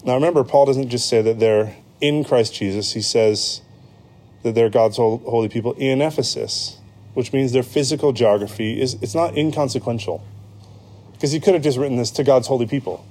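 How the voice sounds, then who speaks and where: A pastor with an American accent delivers a sermon in a relaxed, conversational way. His mid-pitched voice is warm and mellow rather than bright. He pauses on ums and corrects himself mid-sentence as he explains. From United States.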